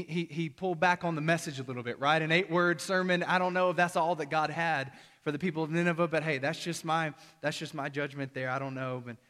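A man's voice: on the high side, fairly bright tone. A man in his thirties preaching a conversational sermon as a young adult pastor, acting out exchanges with his young son. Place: church auditorium. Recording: long reverb of a large hall.

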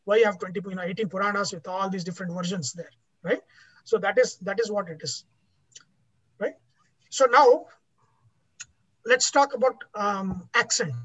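A man's voice: high voice, moderate pace, pauses often, a bit bright, husky. A man teaching a class in an explanatory lecture style, often restarting his words and checking in with "right?". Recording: dull lo-fi recording.

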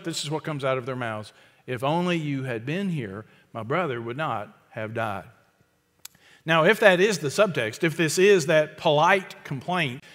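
A man's voice: fairly high pitch, bright, forceful tone. A man preaching a sermon as pastor, speaking in a conversational, emphatic way with frequent restarts. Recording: long hall reverb.

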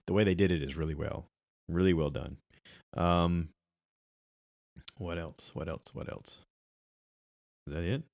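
A man's voice: a bass voice, fairly even intonation, moderate pace, pauses often, a little mellow, no echo, clean studio sound. A middle-aged man chatting casually on his own about movies and podcasts, rambling with many ums and restarts.

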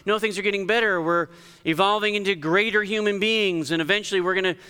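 Speaking fast in a large hall, a male pastor's voice comes across steady, smooth, pushed, and bright. He preaches in a conversational, emphatic way inside the church sanctuary, abruptly raising his pitch to underline key ideas.

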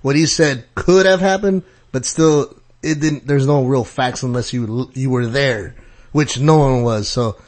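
A man co-hosting a casual podcast chat, rambling and repeating himself as he works through a thought, with sudden jumps up in pitch. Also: a little slow, darkish tone. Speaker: podcast co-host.

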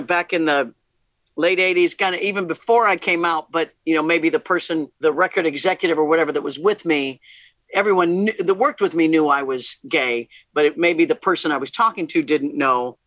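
A woman's voice: on the low side, a bit bright, dry recording. A middle-aged woman, a rock musician, talking candidly as an interview guest, laughing often and restarting her sentences. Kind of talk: casual interview conversation.

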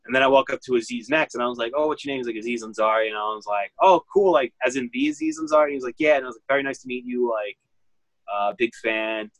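A man's voice: mid-range voice, fairly even intonation, fast talker, fairly bright tone, no room sound, rough recording. A man, telling a story in a casual interview. He rambles and fills his speech with "like", acting out what people said. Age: 30s. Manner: rambling, heavy use of "like", acts out quotes. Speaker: vintage clothing store owner.

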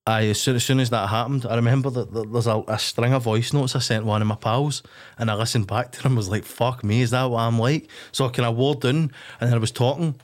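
Brief: young Scottish man, podcast guest, quick rambling delivery, lots of restarts and swearing. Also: medium pitch. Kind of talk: candid casual chat.

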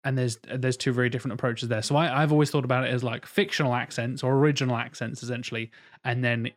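A man co-hosting a podcast in casual chat, explaining his ideas in a measured way and laughing easily. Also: medium pitch, steady tone. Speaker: podcast co-host.

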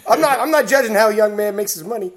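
High-voiced excitable podcast host, a man. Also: very fast, over a noisy crowd. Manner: animated storytelling, acts out shouted quotes; swears freely. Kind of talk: casual chat.

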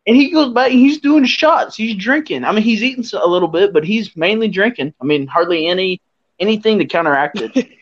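A young man, the podcast host, telling a drinking story in a casual, animated way and laughing as he acts out what people said. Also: high-pitched, fairly quick. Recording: dull lo-fi sound.

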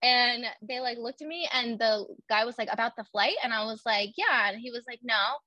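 A woman's voice: fairly high pitch, steady tone, brisk, sharp tone, no echo. A young woman chatting casually and telling personal stories, full of "like" fillers and acting out her own quotes. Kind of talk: casual chat.

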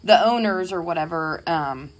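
Woman, podcast co-host, chatty, laughing, rambling, lower-pitched. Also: animated, moderate pace, crowd noise. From Indiana. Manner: rambling, laughs often, restarts. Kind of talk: casual chat.

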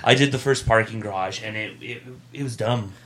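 A man's voice: on the low side, brisk, a crowd in the background. A man co-hosting a gaming podcast, chatting casually and agreeing in short replies. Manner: easygoing, brief agreeing replies. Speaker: podcast co-host.

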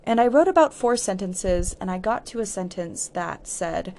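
A woman hosts a podcast and tells a candid personal story about healing, reflecting as she goes and often saying "like." Her voice is medium in pitch, expressive and a little mellow, at a moderate pace, with a bit of hiss or hum in the background.

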